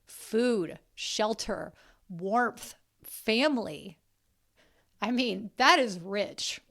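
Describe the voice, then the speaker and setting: This South Carolina woman hosts a podcast, speaking very slowly with vocal fry, a medium pitch, lively intonation and a fairly bright tone. Her talk is casual, earnest and emotional, with the odd curse word tossed in.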